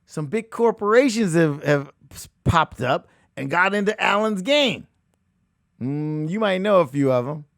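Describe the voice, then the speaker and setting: Fired-up guy coaching on money, gravelly kinda high voice, dry close sound. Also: lively intonation, a little slow, no room sound. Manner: emphatic, repeats phrases, laughs, shifts between shouting and hushed asides. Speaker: real estate coach and show host. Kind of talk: animated motivational talk.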